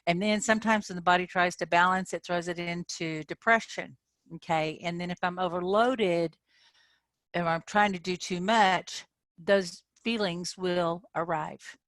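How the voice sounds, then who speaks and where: A woman's voice: on the low side, a little slow, no room sound. Dry-voiced woman coaching her members. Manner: conversational, often checks in with "okay?"; animated when acting out frustration. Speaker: manifestation coach. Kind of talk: informal coaching talk to members. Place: online group session.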